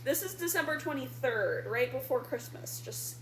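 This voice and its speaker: Chatty young woman, bright higher voice. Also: lively intonation. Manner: chatty, laughing, quick interjections. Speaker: storyteller. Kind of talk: casual storytelling with her husband. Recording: echoey room with faint noise.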